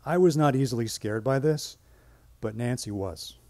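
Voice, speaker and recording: Mellow-voiced man telling a story live. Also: medium pitch, dry recording, studio quality. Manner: measured, dramatic pauses. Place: stage at a live storytelling event.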